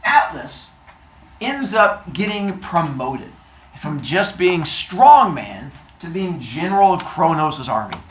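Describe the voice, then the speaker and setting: A man telling a silly myth story playfully, animated, with made-up sound effects. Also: a little high, slow pace, a little hiss or hum. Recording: roomy echo.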